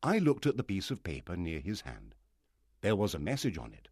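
A man narrating a storybook aloud in an expressive reading style. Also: low voice, a little fast, husky, no room sound, studio quality. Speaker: audiobook narrator.

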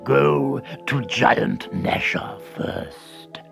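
Slow gravelly ogre doctor. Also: mid-range voice, fairly bright tone, soft background music, pitched below the performer's own voice, heavily acted. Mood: gruff. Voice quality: gravelly growl. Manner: slow, gruff, clipped. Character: sick growling old male ogre doctor.

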